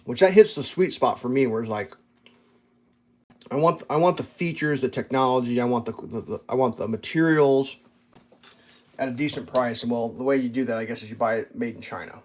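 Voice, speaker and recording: A man's voice: mid-range voice, fairly quick. A man hosting his own channel, ranting casually and rambling, swearing often and leaning on fillers. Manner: rambling and profane, with many fillers. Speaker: channel host. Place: at a breakfast table.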